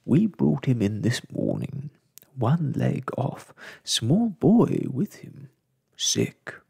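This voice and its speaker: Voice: mid-range voice, big pitch swings, slow pace, creaky, darkish tone, slightly rough, dry recording, studio quality, heavily acted. A reader voicing a kindly fish doctor in a whispered role-play, clipped and soothing.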